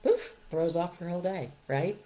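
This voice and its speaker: Low, mellow-voiced woman giving parenting advice. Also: animated, moderate pace, rough recording. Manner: upbeat, coaching, checks in with "okay?" and "right?". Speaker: parenting podcast host. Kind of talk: encouraging advice talk.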